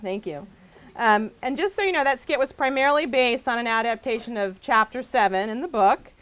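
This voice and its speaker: A woman author addressing a book signing audience and reading her novel aloud with a lively, expressive delivery. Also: a little high, fairly quick, poor audio.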